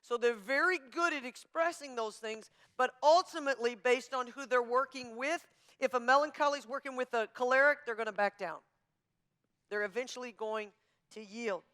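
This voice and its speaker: A woman pastor teaching a marriage class in an emphatic, forceful, coach-like manner. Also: on the high side, normal speed. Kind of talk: sermon-style teaching.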